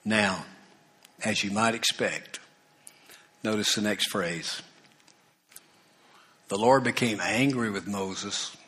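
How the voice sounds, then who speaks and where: Forceful, unhurried male preacher. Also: fairly low pitch. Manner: conversational preaching with asides and repeated emphasis. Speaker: pastor. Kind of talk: sermon.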